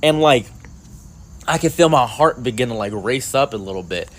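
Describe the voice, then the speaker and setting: An animated young man telling a story in an easygoing, rambling way, full of fillers and asides. His voice sits in an ordinary middle pitch for a man. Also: normal speed. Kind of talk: casual spoken storytelling.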